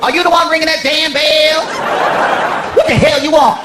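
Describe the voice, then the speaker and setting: A man voicing a sassy, grumpy female hotel night clerk who scolds in a drawn-out way, on a comedy stage. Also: high-pitched, fairly even intonation, very noisy, voice pushed up, lightly acted. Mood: annoyed. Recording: roomy theater with loud crowd.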